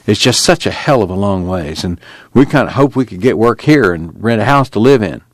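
Brief: male reader as a low, guarded young drifter, blunt, dry close sound. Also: lively intonation, fairly quick, no echo. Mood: wary.

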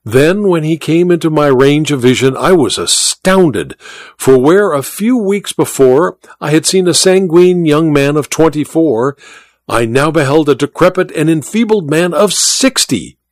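A man's voice: a little high, lively intonation, no room sound. A man voicing a cunning, deferential court spymaster. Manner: deferential, measured and slow. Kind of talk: audiobook reading.

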